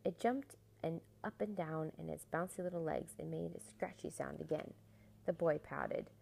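A woman reading a children's storybook aloud with expressive, animated delivery. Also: sits low, normal speed, vocal fry, a little hiss or hum, low-quality recording.

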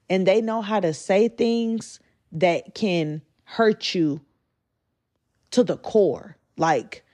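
A woman's voice: on the low side, darkish tone. A woman, telling a candid, profane story and acting out quotes. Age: 20s. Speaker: storyteller vlogger. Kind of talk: casual storytime.

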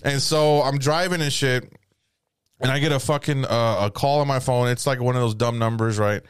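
Man, profane rambling storyteller, mid pitch, dry close sound. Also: fairly even intonation, moderate pace, clear, resonant tone, no room sound. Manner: profane, rambling, laughs through lines. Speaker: podcast storyteller. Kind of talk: casual comedic storytelling.

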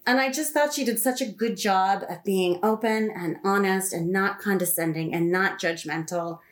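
A woman chatting casually about a book and parenting, animated and quick to laugh. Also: mid-range voice. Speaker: podcast guest. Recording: roomy echo.

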